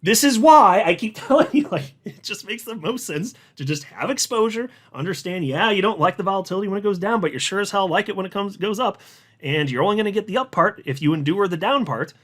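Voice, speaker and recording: A man with a fairly high, lively voice hosts a casual market commentary show. He reads out analysts' posts and reacts to them, pushing his pitch up sharply for emphasis and addressing viewers directly. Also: brisk. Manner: animated, talks straight to viewers, swings pitch up for emphasis. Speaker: crypto market commentator, channel host.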